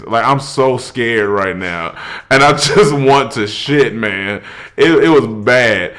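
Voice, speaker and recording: Animated man telling a wild comedic story. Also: slow. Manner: animated, laughs through the telling, rising to high shouts.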